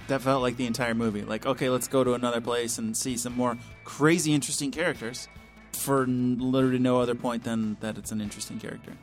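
A man's voice: medium pitch, fairly even intonation, fast talker, faint music behind. A man co-hosting a casual movie-review podcast who explains his views earnestly, rambling with many qualifiers. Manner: earnest, rambling, hedging with fillers. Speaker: podcast co-host.

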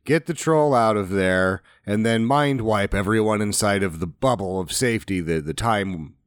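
A man's voice: fairly low pitch, moderate pace, clean tone, no echo. A man co-hosting a podcast, giving dry, sardonic takes on a movie in casual chat. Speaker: podcast co-host.

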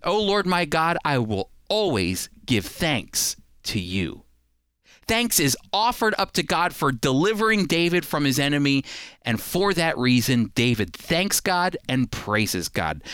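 A man gives a radio Bible lesson in an animated, smooth, resonant voice. He reads scripture with feeling and hammers home his points by repeating them. The sound is close and dry. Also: fairly high pitch, dry recording. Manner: repeats key points for emphasis. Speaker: Bible teacher.

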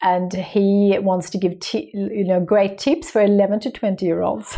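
A woman hosting a podcast, asking questions in an encouraging, gentle way with slightly loose grammar. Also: medium pitch, steady tone, a little slow. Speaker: podcast host. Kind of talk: interviewing.

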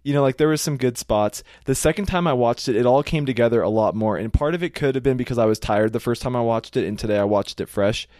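A man co-hosting a casual podcast chat about a TV show, relaxed and talkative, often repeating his words. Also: medium pitch, quick pace, few pauses, no room sound, studio quality. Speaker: podcast co-host.

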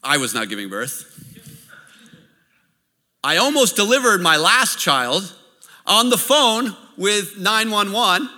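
A man preaching from the pulpit, his voice high-pitched and piercingly bright. His delivery swings up and down as he tells stories and checks in with the congregation. A long reverb tail trails off in the large hall. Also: slow pace, long pauses. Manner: lively storytelling, checks in with the audience. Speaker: pastor. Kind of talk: sermon.

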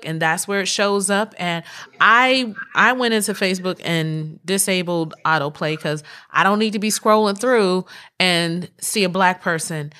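A woman co-hosting a casual podcast chat, talking bluntly and profanely with animated storytelling into a studio mic. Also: on the low side. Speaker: podcast co-host.

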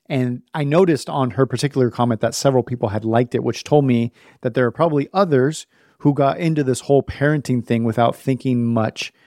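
With a dark, mid-range voice captured in studio quality and no echo, a thirtysomething parenting podcast host shares a story from his own life. He's candid about it and pokes fun at himself with laughter.

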